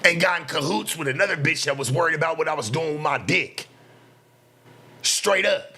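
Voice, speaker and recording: Bright-voiced ranting man streamer. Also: on the high side, lively intonation, husky. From West Coast US. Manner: profane, heated, rapid-fire ranting. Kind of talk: heated reaction-stream commentary.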